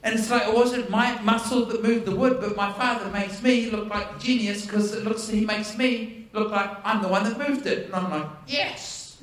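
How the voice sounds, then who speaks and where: A man preaching a storytelling sermon, animated and playful, acting out dialogue with self-deprecating humor. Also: sits high, normal speed, hardly any pauses. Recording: echoey hall from far off.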